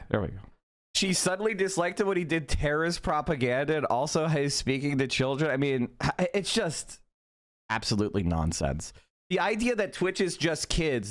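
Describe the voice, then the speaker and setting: A man ranting heatedly and with a lot of swearing while hosting a live stream. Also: fairly high pitch. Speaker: streamer host.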